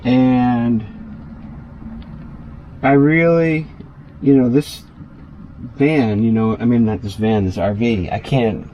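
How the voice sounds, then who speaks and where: A man's voice: medium pitch, steady tone, slow, pauses often, mellow, dull audio, a little hiss or hum. A man chatting loosely through a casual cooking vlog inside his small RV, full of fillers and asides.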